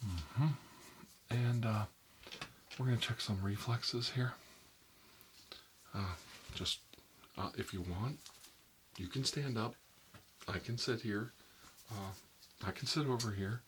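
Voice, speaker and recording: A man as a nervous doctor talks low and soft in an ASMR role-play. He rambles through his instructions, leaning on "like" and "you know." A faint hiss sits under the recording. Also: takes it slowly, long pauses. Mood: uneasy. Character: nervous rambling male doctor examining a vampire. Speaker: doctor examining a patient.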